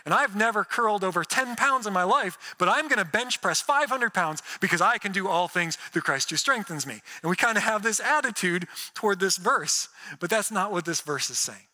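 A man's voice: high-pitched, lively intonation, normal speed, hardly any pauses, pushed and bright. A man preaching a sermon, earnest with sarcastic asides and playful mock voices. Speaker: pastor. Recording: reverberant hall.

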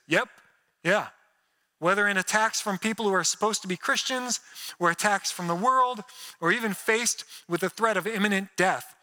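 A man's voice: sits high, sharp tone. A man preaching a sermon, earnest with sarcastic asides and playful mock voices. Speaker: pastor. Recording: reverberant hall.

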